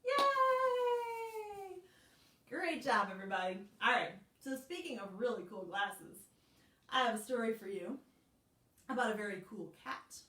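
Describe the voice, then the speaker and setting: A woman librarian leading a children's storytime, slow, animated and encouraging. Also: mid-range voice. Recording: roomy sound, mic at a distance.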